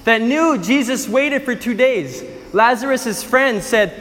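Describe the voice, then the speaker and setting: High-pitched male preacher, emphatic storyteller who repeats lines for effect, long hall reverb. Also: animated, takes it slowly, few pauses, fairly bright tone. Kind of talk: sermon.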